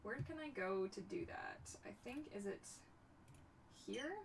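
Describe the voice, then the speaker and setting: A young woman chats casually on a livestream and often turns aside to talk to her pets, in an animated, lively way. The mic sits some way from her. Steady background noise runs under her voice. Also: medium pitch, measured pace, vocal fry, recorded from a distance. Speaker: livestream host.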